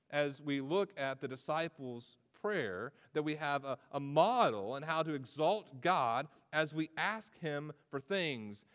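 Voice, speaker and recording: A man's voice: fairly high pitch, fairly bright tone, in a large hall. A man in his thirties preaching a sermon as pastor, conversational and prone to repeating words as he starts a phrase.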